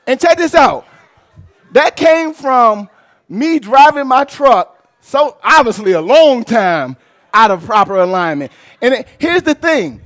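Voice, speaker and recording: A very high-voiced male pastor speaks slowly as he preaches in a church sanctuary. His sermon includes a personal story, delivered with rising energy, liveliness and shouting.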